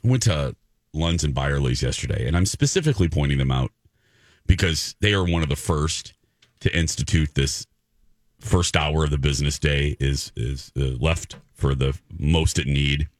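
Male talk host, low and lively, animated storyteller, dry studio. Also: normal speed, no room sound. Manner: animated storyteller, voices others in his anecdotes. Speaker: radio show host. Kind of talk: casual talk radio storytelling.

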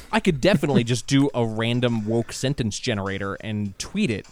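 A man's voice: mid-range voice, moderate pace, darkish tone. A man co-hosting a casual podcast, who swears often and rants heatedly. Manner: profane, heated ranting. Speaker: podcast co-host.

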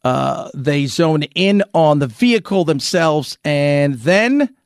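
A man hosting a commentary show, talking through the news in an animated, rhetorical way, often restarting his sentences. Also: a little high, slow, clear, resonant tone, dry recording, studio quality.

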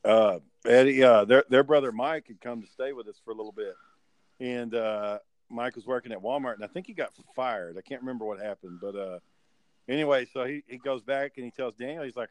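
A man's voice: medium pitch, fairly quick, no room sound. A man telling stories in a laid-back way, full of ums and fillers. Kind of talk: casual podcast chat.

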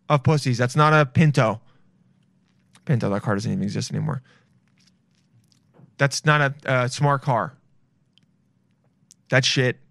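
A man's voice: mid-range voice, fairly bright tone, dry recording, clean studio sound. A young adult man hosting a podcast, rambling through blunt, crude, jokey commentary in a casual chat. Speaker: podcast host.

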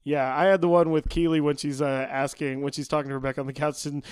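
Upbeat male co-host with a slightly high voice, recorded dry and close; chatty, quick to laugh. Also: flat delivery, a little mellow, smooth, no echo. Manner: upbeat, laughs often, says "man" and "guys". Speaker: podcast co-host. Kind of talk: casual podcast chat.

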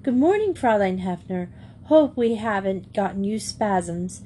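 A woman's voice: medium pitch, lively intonation, measured pace, warm tone, slight background noise, natural voice. A woman voicing an irrepressible English schoolgirl, breezy and forthright. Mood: chirpy.

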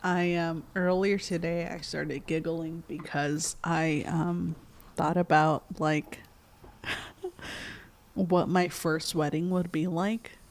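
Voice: mid-range voice, little pitch movement, slow. A podcast co-host in casual chat, mostly giving short agreeing replies.

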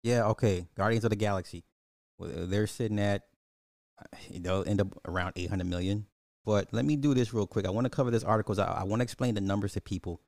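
A man with a low, warm voice hosts a casual live podcast, talking loosely and answering his chat as he goes. He restarts sentences often and keeps a relaxed, conversational pace. The sound is close and dry. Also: quick pace, creaky, dry recording. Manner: loose, rambling, talks back to chat, frequent restarts.

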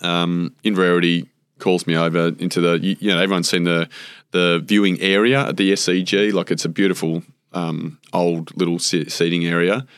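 A man's voice: low voice, flat delivery, moderate pace, clean tone, no echo, studio quality. An Australian man, a former cricketer, chatting as a guest and telling rambling stories full of fillers and acted-out quotes. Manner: rambling anecdotes with many fillers, acts out quotes. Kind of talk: casual storytelling interview.

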